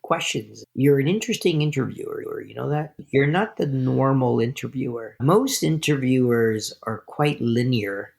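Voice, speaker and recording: A man from Canada, a podcast guest, telling stories in a casual, animated interview. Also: mid-range voice, moderate pace, vocal fry, hardly any pauses.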